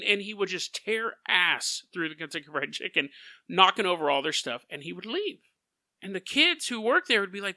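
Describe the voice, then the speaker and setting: A man tells a story on his podcast in a high, very bright voice that swings widely in pitch. He keeps the delivery animated and often laughs mid-sentence, close on a podcast mic in a dry room. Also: brisk, dry recording. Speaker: podcast host.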